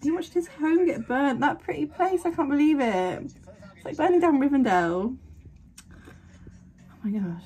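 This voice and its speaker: A woman's voice: sits high, expressive, normal speed, pauses often, darkish tone. A woman hosting an anime reaction, gasping, exclaiming and swearing bluntly as she comments live.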